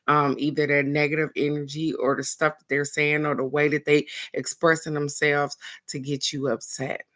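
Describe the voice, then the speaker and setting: A woman hosting a daily card reading show, chatting casually with her viewers. She tells a lively story, acts out other people's voices and speaks bluntly, with the odd curse word. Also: low voice. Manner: animated storytelling, acting out quoted voices, addressing viewers directly. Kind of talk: casual spiritual chat to viewers.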